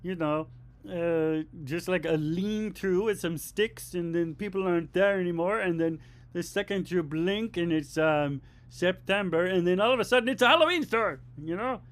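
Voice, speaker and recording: A man's voice: high-pitched, normal speed, a bit bright. A man on a comedy podcast, chatting through observational bits and acting out little scenes. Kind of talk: improvised comedy riffing.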